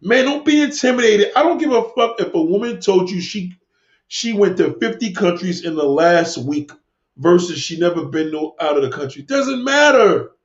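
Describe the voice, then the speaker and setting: A man's voice: high-pitched, normal speed. A man hosting a livestream, talking back to the chat in a combative, preachy way, cursing and repeating himself. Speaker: livestream host answering chat. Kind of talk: live-stream rant. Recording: echoey room, dull lo-fi sound.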